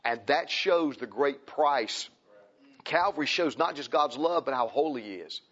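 A man preaching a sermon, impassioned and repetitive, swinging from loud emphasis to quiet pleading. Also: mid-range voice, lively intonation, unhurried. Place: church. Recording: dull lo-fi recording.

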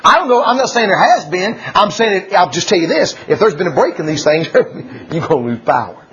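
A man preaching a folksy sermon, laughing often and swinging from loud declarations to hushed asides. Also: sits high, big pitch swings, a little fast, a crowd in the background. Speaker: pastor. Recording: dull lo-fi church recording.

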